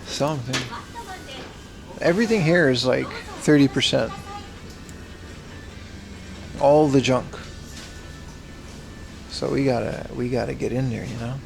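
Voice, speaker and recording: A man's voice: mid-range voice, unhurried, vocal fry, pauses often, over music. A man casually chatting on a livestream as he browses a secondhand shop, slangy and talkative, answering his chat.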